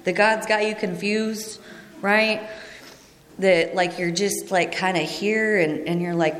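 A woman's voice: medium pitch, fairly even intonation, takes it slowly, a bit bright. A woman giving a personal testimony to a group in a meeting room. She speaks in a conversational, earnest way and often asks the room questions. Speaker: speaker sharing at a recovery meeting. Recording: echoey hall reverb.

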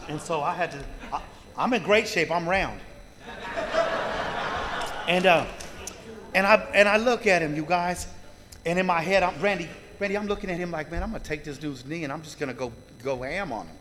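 A man's voice: a little high, normal speed, long pauses, long reverb tail, background noise. A man telling a heartfelt personal recovery story to a live group, swearing freely and often turning to the crowd with "you guys". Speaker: recovery meeting speaker.

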